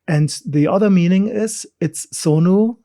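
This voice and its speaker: Podcast guest, male, higher-pitched, halting and chuckling as he talks. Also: warm tone. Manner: halting, many fillers and restarts, laughing easily. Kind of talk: casual chat.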